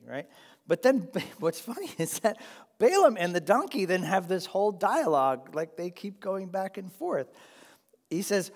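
A pastor preaching a sermon, retelling a scripture story in a playful, animated way and voicing the characters. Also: male voice, sits high, unhurried, in a large hall.

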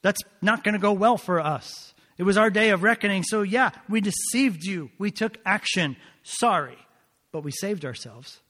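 A man's voice: a little high, expressive, normal speed, few pauses, husky, long reverb tail. A man playing sheepish ancient townsfolk who defend their deception in a casual, defensive tone.

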